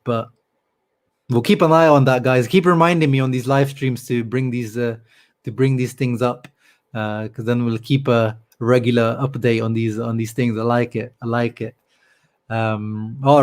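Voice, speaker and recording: Casual male live-stream host, mid-pitch, loose and chatty, reads comments aloud. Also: a little mellow. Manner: chatty, many fillers, reads out viewer comments. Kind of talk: casual live-stream chat about football.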